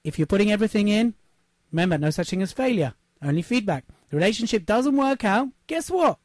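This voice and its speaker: Brief: high-pitched male radio host, punchy motivational delivery, very dry close studio sound. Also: lively intonation, a little fast, a little mellow, no echo. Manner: emphatic, repeats points, asks "yes?". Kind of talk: upbeat motivational radio talk. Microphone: studio microphone.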